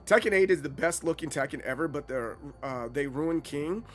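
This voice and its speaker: A man in his thirties chatting casually on a gaming livestream, animated and playfully dramatic. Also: fairly high pitch, moderate pace. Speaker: streamer.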